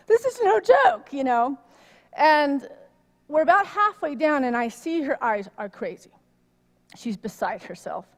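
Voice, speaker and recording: Storytelling woman preacher in an echoing hall. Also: on the high side. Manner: animated storytelling, rising loud when worked up. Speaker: minister. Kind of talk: conversational sermon. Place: church sanctuary. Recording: long reverb of a hall.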